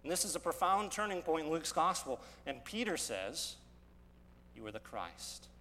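A man preaching an expository sermon as pastor, earnest, building loud and slow on key words and dropping to quiet asides. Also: fairly high pitch, sing-song, big-room sound, a little hiss or hum.

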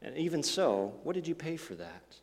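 A man's voice: on the high side, sing-song, moderate pace, gravelly. A male pastor giving a Sunday sermon, telling a story and acting out the voices of the people he quotes. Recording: long reverb of a church hall.

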